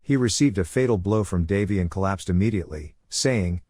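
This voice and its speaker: A man reading a manhwa recap as scripted story narration, in a flat, even delivery. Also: deep voice, fairly quick, dry recording, studio quality.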